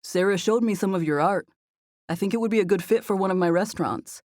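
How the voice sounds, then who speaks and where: A woman voicing a playful, confident young man who jokes around in a relaxed, teasing way, in a slightly lower version of her own voice. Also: fast, no room sound, studio quality, natural voice. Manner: teasing, relaxed, self-assured.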